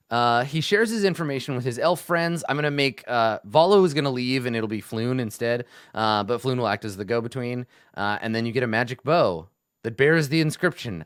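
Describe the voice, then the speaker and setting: A man's voice: medium pitch, fairly bright tone, no echo, studio quality. A man talking as game master, planning a tabletop adventure aloud, thinking things through with restarts. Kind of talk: casual session prep talk.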